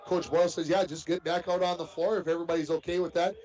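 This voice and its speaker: A man's voice: a little high, level tone, quick pace, a little mellow. Folksy man calling a girls' basketball game. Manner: folksy, chatty asides between plays. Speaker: play-by-play announcer. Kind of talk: live sports commentary. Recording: dull lo-fi broadcast audio with faint noise.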